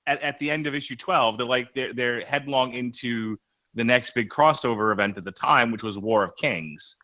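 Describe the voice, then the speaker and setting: A man with a bright, ringing voice talks comics on a podcast. He rambles casually and restarts his sentences often, his pitch sitting in the middle. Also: moderate pace, dull audio. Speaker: podcast co-host.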